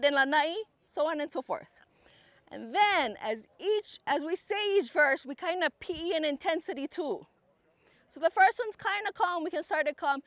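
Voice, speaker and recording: A woman's voice: high voice, fairly bright tone, dry recording. A woman teaching a group outdoors, explaining patiently and leading chanted verses. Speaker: cultural teacher.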